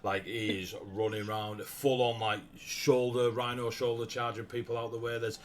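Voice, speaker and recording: A man running a tabletop game as game master, narrating the scene with a lively manner and frequent laughs. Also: mid-range voice, moderate pace, slight background noise. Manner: lively, laughs often, bursts into shouted character lines.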